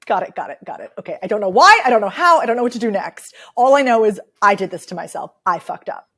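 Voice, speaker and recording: A woman's voice: medium pitch, fast talker, breathy edge. Woman, 30s, talkative dialect coach, casual interview storyteller. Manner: chatty, animated storyteller. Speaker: speech and dialect coach, author.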